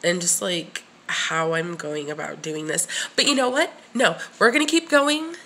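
A woman's voice: on the low side, a little slow, sharp tone. A woman recording her first vlog at her desk, nervous and shaky, rambling with restarts and whispered asides to herself. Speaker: channel creator. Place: home room at a desk. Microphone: at her desk facing camera.

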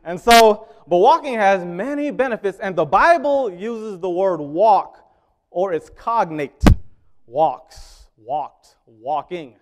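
A man delivers a sermon with a voice pitched slightly higher than most men's. He talks with the congregation rather than at it, asking questions and waiting for answers. He pushes some words out loud and drops others into quiet asides. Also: expressive, slow pace. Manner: conversational, asks the congregation questions; swings between loud emphasis and quiet asides. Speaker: preacher.

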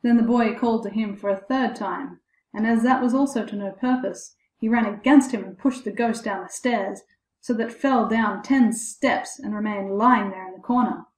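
Storybook narrator, woman, measured and expressive, echoey. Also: medium pitch. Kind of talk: storybook fairy-tale reading. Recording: echoey room.

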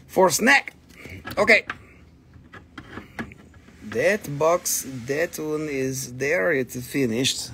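A man with a slightly high, pushed and bright voice draws out his words and takes long pauses while hosting a live stream selling minerals. He chats casually, jokes around and talks to his dogs between items, and there's a little hiss or hum in the audio.

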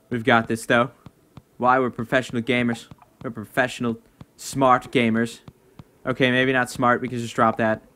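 A young man commentating his own game play at home, excitable, breaking into shouts and laughs at his wins. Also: medium pitch. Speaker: gaming video host. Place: home room.

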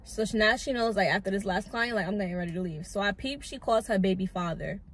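A young adult woman and lash artist telling a storytime with a calm, chatty delivery full of "like". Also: medium pitch, fast, husky. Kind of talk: casual storytime.

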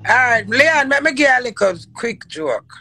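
A woman's voice: a little high, moderate pace, rough recording. A middle-aged woman with a Jamaican accent, telling stories in a casual chat and repeating words as she goes. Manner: animated, repeats words while telling a story.

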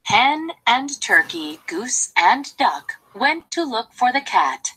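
A woman reading a children's storybook aloud, slowly and expressively. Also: fairly high pitch, sing-song, bright, forceful tone, slight background noise, low-quality recording.

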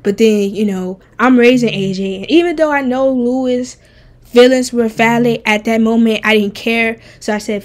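A woman streamer chatting casually and bluntly while ranking game characters, animated and profane. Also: on the high side, moderate pace. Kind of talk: casual game tier-list chat.

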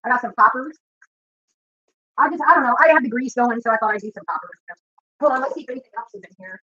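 A woman YouTuber livestreams from her home kitchen, cooking while delivering a rambling, profane, confrontational rant. She talks fast in a fairly high, bright, forceful voice. There's no room sound, and the recording is dry, dull and lo-fi.

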